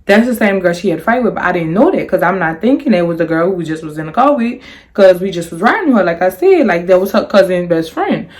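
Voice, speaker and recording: A young woman telling a storytime in casual chat, rambling with lots of restarts and fillers, and jumping high in pitch when she quotes herself. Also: fast talker. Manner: animated, jumps high on quoted lines. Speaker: storyteller vlogger.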